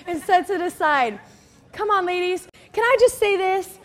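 High-voiced woman pastor preaching. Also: expressive, moderate pace, a bit bright. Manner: chatty, emphatic, often asks "okay?"; acts out quoted people in story. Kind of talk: sermon.

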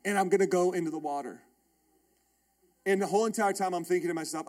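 With a high-pitched voice and quick pace, a pastor in his thirties builds his sermon around a personal story. His delivery is animated and emphatic, full of repeated phrases.

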